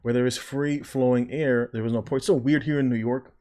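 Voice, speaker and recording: A man's voice: medium pitch, fairly even intonation, a little fast, a little mellow. A man who works as a nurse, talking through video commentary in a casual, sarcastic, rambling way and mimicking the people he disagrees with.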